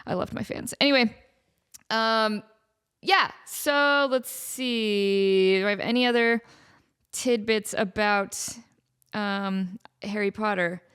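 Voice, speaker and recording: A woman's voice: medium pitch, takes it slowly, a bit bright, clear, resonant tone. A woman in her thirties hosting her own podcast, talking casually with frequent laughs and fillers. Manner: chatty, laughing, lots of fillers. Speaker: podcast host. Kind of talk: casual chat.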